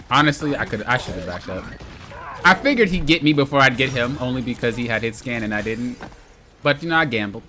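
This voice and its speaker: A man's voice: medium pitch, very animated, normal speed, bright, forceful tone. A young man giving live gameplay commentary, teasing and complaining in mock exasperation at his teammates. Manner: exasperated, playful trash talk to teammates. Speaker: streamer playing a hero shooter.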